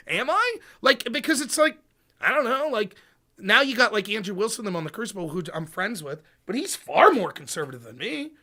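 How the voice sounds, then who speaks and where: A man with a high, bright voice that swings all over the place as he rants with lots of swearing. He is hosting a loose political chat show, and he talks in a quick, heated run. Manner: animated, profane, ranting. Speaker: podcast host.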